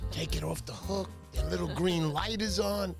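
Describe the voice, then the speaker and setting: Excitable high-pitched fishing-show host man. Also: a little slow, creaky, music in the background. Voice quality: loud, exuberant, shouts names. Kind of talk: excitable livestream chat.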